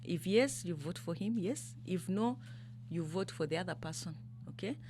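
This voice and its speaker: A Kenyan woman from the coast, from Mombasa, speaks as a political candidate in an impassioned interview, her lowish voice animated and at normal speed over slight background noise. She talks emphatically, fires off rhetorical questions, and switches between English and Swahili. She grows louder and more fired up as she goes.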